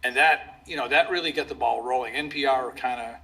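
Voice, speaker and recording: A man's voice: medium pitch, fairly quick, pushed and bright, husky. A middle-aged man, a police public information officer, telling a rambling anecdote in an interview and chuckling as he goes.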